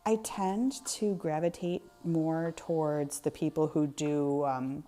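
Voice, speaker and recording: A woman's voice: sits low, fairly even intonation, slow pace, warm tone, faint music behind. A woman chatting casually on a live art stream, laughing often and talking to her chat by name.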